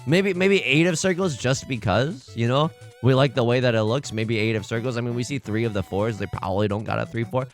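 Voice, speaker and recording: A man's voice: medium pitch, a little fast, hardly any pauses, faint music behind. A man hosting a let's play, giving casual, rambling, self-deprecating commentary while he plays.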